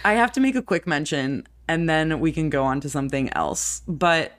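A young woman with a low voice co-hosts a casual podcast. She teases her friend and tells stories with playful, animated energy. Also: moderate pace. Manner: teasing, joking, animated storyteller. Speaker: podcast co-host. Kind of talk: casual chat.

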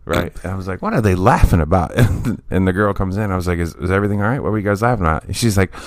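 A man telling a story in casual chat, animated and laughing often as he acts out what people said. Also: deep voice, rapid-fire, no room sound.

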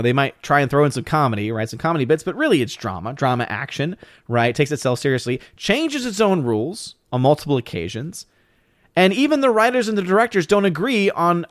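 A man's voice: a little high, a bit bright, no room sound, studio quality. A man hosting a live stream, reading out chat comments in casual talk, blunt and opinionated, often restarting his sentences. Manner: rambling, many restarts and fillers.

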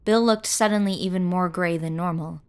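Woman narrator, first-person audio fiction, measured and wry, lowish voice. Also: a little mellow, smooth.

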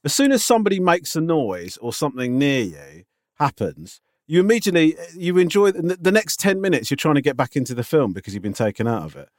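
A man's voice: fairly high pitch, very animated, fairly quick, dry recording, studio quality. A man co-hosting a podcast in a casual chat, teasing and skeptical, often stumbling over restarts. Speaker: podcast co-host.

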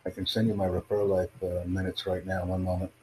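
A man's voice: low-pitched, little pitch movement, fairly quick, darkish tone, a little hiss or hum, poor audio. A man hosting his own livestream podcast, chatting casually with callers in a rambling, repetitive, self-promoting way. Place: in the United States.

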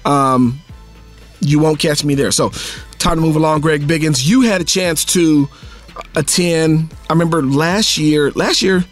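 Male host, fairly high voice, rambling questions, faint music behind. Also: a little slow. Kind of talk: casual sports talk.

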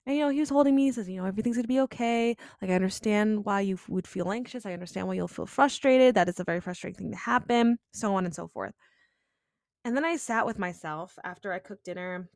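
A woman's voice: medium pitch, quick pace, darkish tone, dry recording, clean studio sound. A young woman hosting a podcast, telling a personal story in a chatty, confessional way, full of "like" and "you know.". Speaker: podcast host.

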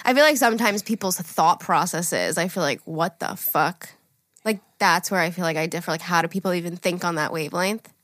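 A woman's voice: on the low side, quick pace, no echo, studio quality. A woman in her twenties co-hosting a podcast, telling stories in casual chat with frequent laughs and swearing. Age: 20s. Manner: animated storytelling, laughs often, swears. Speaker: podcast co-host.

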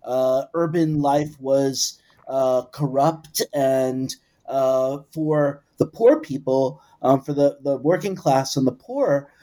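A man with a mellow, warm voice answers an interview question. He gives historical background in a measured, reflective way, pausing to think between points. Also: mid-range voice. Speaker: guest expert.

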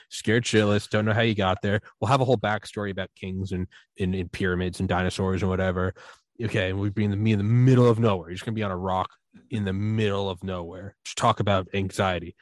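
A man chatting on a podcast, telling a rambling story with animated energy, acting out quoted voices and swearing freely. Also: sits low, dry recording. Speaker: podcast host. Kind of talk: casual podcast chat.

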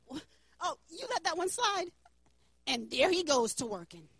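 A woman's voice: extremely high pitch, sing-song, moderate pace, fairly bright tone, dry recording, studio quality. A woman preaching a sermon in an emphatic, playful way.

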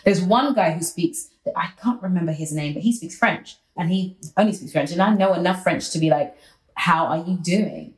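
Relaxed woman, lowish voice, echoey room. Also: brisk, hardly any pauses. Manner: playful, animated storytelling. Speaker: interview guest. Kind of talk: casual interview chat.

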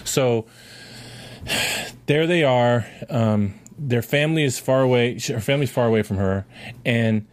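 A man co-hosting a casual talk show, retelling scenes in quoted voices and pitching up high when he argues. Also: a little slow, pauses often. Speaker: co-host. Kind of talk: casual chat.

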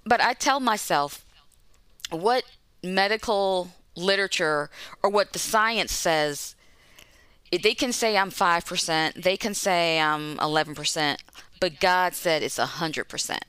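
Bright, clear woman in her forties. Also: lowish voice, a little slow, dry recording. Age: 40s. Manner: warm, laughing, faith-driven storytelling. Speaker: guest, mother. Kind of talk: casual interview chat.

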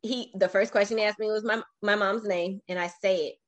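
A woman in her forties, a podcast interview guest, telling her own life story in an animated, emotional way with frequent restarts. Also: mid-range voice, a little fast.

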